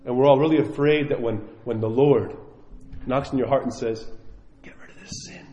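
A man's voice: mid-range voice, a little mellow. A man giving a sermon, telling stories animatedly and acting out the voices he quotes. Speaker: preacher. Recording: echoey hall, dull lo-fi sound.

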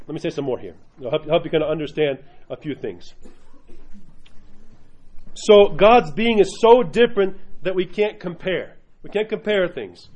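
Teaching religion to a group, this man has a high voice with a darkish tone. As an Orthodox Christian teacher, he regularly halts to question the class, speaking at an uneven pace, and the audio is dull and lo-fi.

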